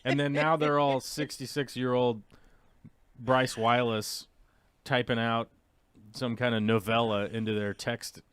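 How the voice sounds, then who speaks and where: A man hosting a casual live talk show, rambling and animated with mocking asides. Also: mid-range voice, a little slow, a little hiss or hum. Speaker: podcast host.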